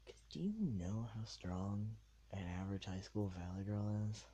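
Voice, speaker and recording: A young man hosting a podcast from his bed at night, rambling in a hushed, half-whispered way. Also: fairly low pitch, animated, moderate pace, slightly rough, highs cut off. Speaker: podcast host. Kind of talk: casual late-night monologue.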